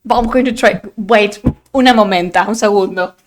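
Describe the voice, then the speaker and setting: Streamer, woman, mid-pitched, expressive and chatty, laughs a lot. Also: a little fast. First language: Spanish. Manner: chatty and expressive, laughs often, slips into Spanish phrases. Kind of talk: casual live-stream chat. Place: at home, streaming on camera. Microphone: desk microphone.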